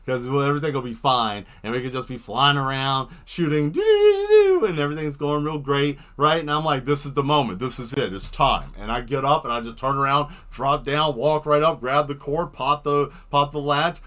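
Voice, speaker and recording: A man chatting casually while he paints live on stream, rambling and playful, sometimes getting excited as he tells a story. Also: mid-range voice.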